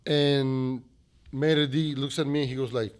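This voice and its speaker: A man's voice: medium pitch, steady tone, takes it slowly. A man from Mexico with a Mexican accent, a restaurant owner telling a story as a guest in a podcast interview, acting out the dialogue as he goes.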